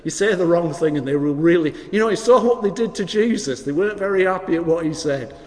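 A man preaching as a vicar, with wry storytelling and sudden drops to hushed emphasis. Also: sits high, animated, fast talker. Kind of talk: sermon. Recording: long hall reverb.

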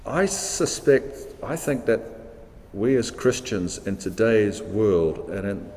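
A man's voice: on the low side, animated, takes it slowly, a little mellow, big-room sound. A man, preaching a sermon in a reflective, questioning way, repeating words for emphasis. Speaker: pastor.

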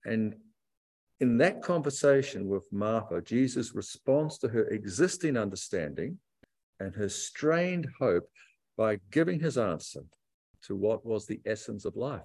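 A man preaching a sermon to a church congregation, reflective and emphatic, stretching key phrases out slowly. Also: lowish voice, expressive, a little mellow. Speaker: pastor.

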